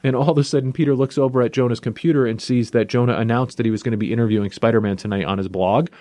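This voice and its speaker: A man in the middle of a casual podcast recap, telling a story with lively energy and leaning on "you know" and "like." His voice sits at an ordinary pitch, and the recording is dry and close with no room sound. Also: very fast, no room sound. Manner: animated storyteller paraphrasing dialogue, with filler "you know" and "like". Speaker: comic book podcast host.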